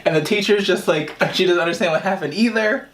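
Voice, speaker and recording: A man's voice: high-pitched, a little fast, fairly bright tone, a little hiss or hum. A man vlogger telling a childhood story as he eats, rambling and restarting, laughing at his own tale. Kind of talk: storytime while eating.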